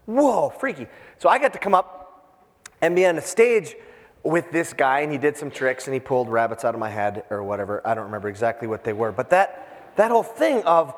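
A man's voice: a little high, long reverb tail. A middle-aged man from Minnesota giving an informal sermon as a pastor, rambling and self-deprecating with many fillers. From Minnesota, USA.

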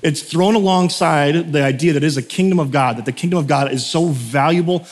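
Chatty pastor in an echoing hall. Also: male voice, fairly high pitch, brisk. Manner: chatty, self-interrupting storyteller. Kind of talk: casual sermon. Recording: long hall reverb.

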